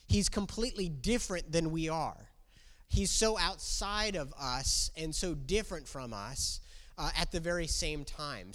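A man with a fairly high, slightly bright voice preaches a sermon as a pastor, speaking conversationally and putting questions to the congregation. He's in a church, and the recording carries the long reverb of a church hall.

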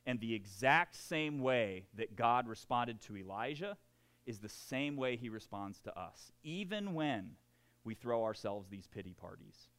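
A man's voice: medium pitch, animated, measured pace, fairly bright tone. A man preaching a sermon, acting out quoted voices and laughing at himself. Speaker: pastor.

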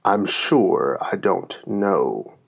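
A man's voice: low voice, expressive, extremely slow, creaky, husky, voice pushed down, exaggerated voice. A man doing a sleepy, yawning old lion. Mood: sleepy, languid. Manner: drawling, yawning between words. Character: weary sleepy male lion, deep and slow.

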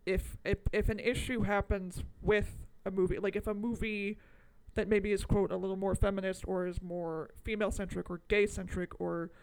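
Podcast cohost lady, gravelly voice, swears a lot and laughs a bunch, lively casual chat. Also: mid-range voice, normal speed, hardly any pauses. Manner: animated, swears freely, laughs often. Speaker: podcast co-host.

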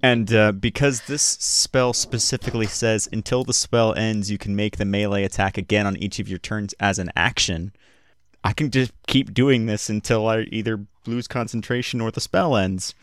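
An eager man talks through his turn in a tabletop game. His voice sits a bit low and sounds dry and close to the mic. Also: steady tone, normal speed, no room sound. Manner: eager, reads rules aloud, counts dice. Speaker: player.

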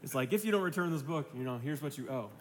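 A man's voice: medium pitch, lively intonation, fast talker, long reverb tail, a little hiss or hum. A man in his thirties preaching a sermon as pastor, casual and conversational, slipping into voices for the people in his story.

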